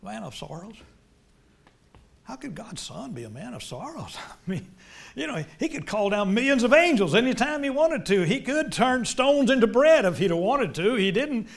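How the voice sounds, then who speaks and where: A middle-aged male preacher delivering a sermon, swinging between loud emphatic lines and quiet, low ones. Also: big pitch swings, normal speed, gravelly.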